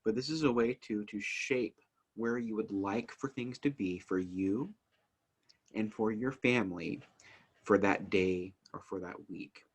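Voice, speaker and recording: A man who teaches family life, talking casually to the camera in an earnest, eager way while working to keep his pace slow and calm. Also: lowish voice, slightly rough. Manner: earnest, eager, works at speaking slowly and calmly; frequent fillers and restarts as energy rises. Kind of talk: casual instructional talk to camera.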